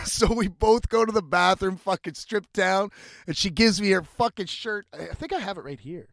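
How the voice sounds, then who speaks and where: A man's voice: high-pitched, normal speed, vocal fry, a bit bright, no echo. Profane, rambling man telling a story. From Canada. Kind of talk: casual storytelling.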